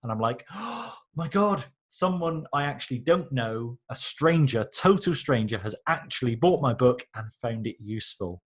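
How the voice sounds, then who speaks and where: Husky-voiced man telling a lively story. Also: medium pitch, normal speed, hardly any pauses. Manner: animated, acts out quoted reactions. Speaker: podcast guest, author. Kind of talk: casual interview storytelling.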